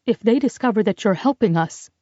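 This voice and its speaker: A woman's voice: mid-range voice, lively intonation, fairly quick, dark tone, no room sound, dull audio, lightly acted. A woman voicing a frightened, suspicious young woman who questions everything. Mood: wary. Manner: wary, questioning.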